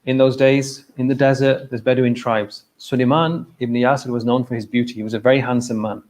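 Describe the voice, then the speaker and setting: A man gives a relaxed, chatty talk to a mosque gathering. He often repeats his key phrases and keeps asking "okay?" as he goes. His voice sits at an ordinary, middling pitch for a man. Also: a little fast, low-quality recording. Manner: conversational, repeats himself, keeps checking in with "okay?". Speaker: mosque speaker. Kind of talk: informal religious talk.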